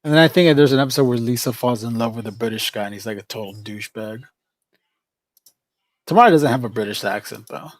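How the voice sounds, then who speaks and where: A man's voice: medium pitch, fast, dry recording. A man hosting a casual livestream chat, rambling and often restarting his sentences. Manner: rambling, with frequent restarts and fillers. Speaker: livestream host.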